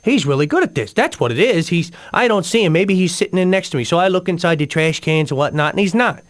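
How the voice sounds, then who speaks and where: Man, radio co-host, rambling comic storyteller, slightly high voice. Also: expressive, fast talker. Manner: rambling, with sudden swings of emotion.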